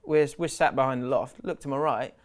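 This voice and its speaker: A man co-hosting a podcast, chatting casually about football and telling stories, often cutting in with quick remarks. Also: medium pitch. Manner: chatty, laughing storyteller who interjects often. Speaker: podcast co-host.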